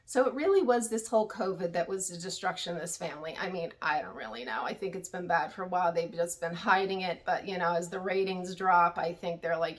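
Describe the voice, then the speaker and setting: A woman's voice: on the low side, a little fast, few pauses. Chatty opinionated woman recapping TV. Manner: candid, opinionated, chatty asides. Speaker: reality TV recap YouTuber. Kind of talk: casual chat.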